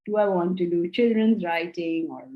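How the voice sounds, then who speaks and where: A woman's voice: fairly low pitch, normal speed. Woman teaching scripture, lo-fi. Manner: explanatory, checks understanding with questions. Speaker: Vedanta teacher. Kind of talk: spiritual class Q&A.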